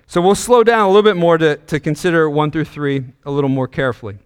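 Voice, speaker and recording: A man's voice: on the high side, fast, smooth, long reverb tail. A male pastor preaching a sermon, asking the congregation questions, a little out of breath. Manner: engaging, asks the congregation questions.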